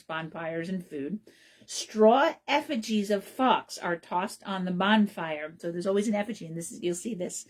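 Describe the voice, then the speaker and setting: A middle-aged woman hosting a radio show alone, talking casually and rambling with many ums and restarts. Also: medium pitch. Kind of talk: casual solo talk.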